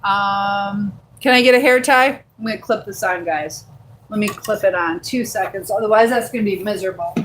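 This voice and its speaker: A woman hosting a casual livestream from her phone, talking in a loose, rambling way as she reads out viewer comments and answers them with lots of ums and likes. Her pitch sits in an ordinary middle range, and a faint hiss of background noise runs underneath the recording. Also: moderate pace, fairly bright tone, poor audio. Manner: chatty and rambling, reading viewer comments aloud with many fillers. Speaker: livestream host. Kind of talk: casual live-stream chat. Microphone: handheld phone.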